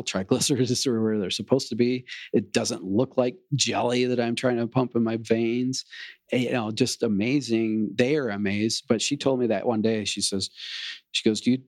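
Earnest middle-aged man, low dry voice. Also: dry recording. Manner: earnest, animated storyteller who acts out dialogue. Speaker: program member sharing his story. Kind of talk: personal testimonial.

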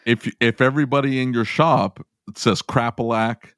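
A man's voice: medium pitch, fairly even intonation, fairly bright tone, no room sound, clean studio sound. A man hosting a podcast, chatting casually and laughing often. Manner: chatty, laughs often, does quick voices. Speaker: podcast host.

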